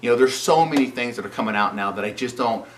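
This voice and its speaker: A man's voice: mid-range voice, quick pace, distant mic, a little hiss or hum. A man giving an opinionated spoken movie review, sarcastic and indignant, often saying "you know". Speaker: film reviewer.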